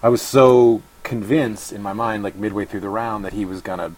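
A man's voice: on the low side, fairly even intonation, moderate pace, poor audio. A man appearing as a podcast guest who talks casually and rambles, thinking aloud with many fillers and restarts. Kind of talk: casual chat.

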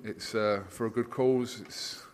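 A man's voice: mid-range voice, steady tone, unhurried, slight background noise. A man interviewing a guest in casual, teasing banter. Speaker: sports interviewer.

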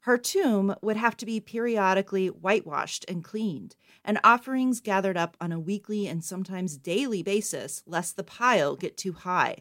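A woman co-host reading a scripted history segment in an even, matter-of-fact way. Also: mid-range voice, normal speed, few pauses. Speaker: podcast co-host.

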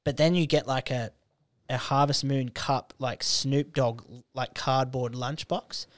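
A young Australian man, a comedian guest, telling stories in casual podcast chat, swearing freely and slipping into quick character voices. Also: medium pitch, steady tone, dry recording.

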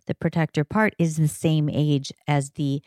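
A middle-aged woman, a guest on a podcast, calmly explaining ideas in a casual chat. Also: low-pitched, a little slow, no room sound, studio quality. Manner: calm, explanatory.

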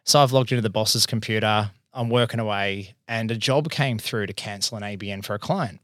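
A man's voice: fairly low pitch, fairly quick, fairly bright tone, dry recording, studio quality. A man in his thirties with an Australian accent, an accounting firm partner telling stories candidly and casually as a podcast guest, with some swearing. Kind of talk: casual storytelling in conversation.

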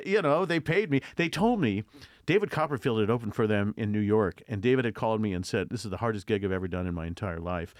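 An older male host chatting in an interview and telling animated stories about his early career. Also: on the low side, quick pace, dry recording, clean studio sound. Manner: animated storyteller, mimics voices in anecdotes. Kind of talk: casual interview chat.

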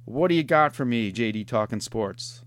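A man's voice: medium pitch, expressive, normal speed, smooth. A middle-aged man hosting a podcast in casual, rambling chat, often tacking on "man". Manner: rambling, laid-back, says "man" a lot. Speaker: podcast host.

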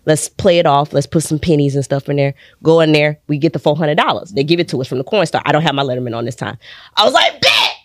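A young woman from Texas tells a story as a podcast guest, with a lowish voice that leaps up high whenever she acts out other people. Her delivery is lively and animated. The studio sound is dry and close. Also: fast, dry recording. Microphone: studio podcast mic.

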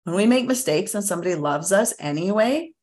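A woman's voice: medium pitch, animated, a little fast, darkish tone. A woman guest, a parent coach, explaining her ideas in an earnest, teacherly way in a casual interview.

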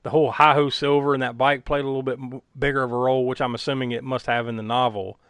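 A man's voice: medium pitch, level tone, fast talker, a bit bright, smooth, no echo. A man recapping a movie in casual chat, rambling with many fillers and frequent laughs. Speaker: podcast co-host recapping a film.

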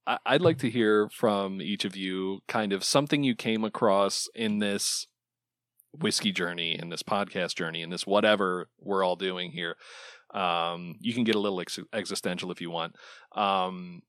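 A man's voice: sits low, fairly even intonation, moderate pace, fairly bright tone, clear, resonant tone, no echo, studio quality. A man co-hosting a podcast, chatting casually in a rambling, hesitant way. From Baltimore area. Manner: rambling, hesitant, lots of restarts and laughs. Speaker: podcast co-host. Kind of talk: casual chat.

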